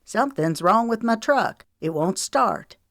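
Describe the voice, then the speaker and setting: A woman voicing a nervous, cornered young man who talks fast and loud, in an audiobook reading. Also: medium pitch, expressive, dry recording, clean studio sound, pitched above the performer's own voice. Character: agitated young man lashing out in panic.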